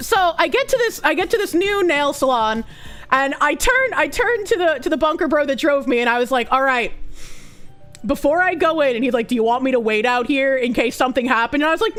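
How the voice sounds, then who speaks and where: Very high-voiced young woman streamer. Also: fairly quick, faint music behind. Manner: animated, profane, laughing, acting out quotes. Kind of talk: casual storytelling chat.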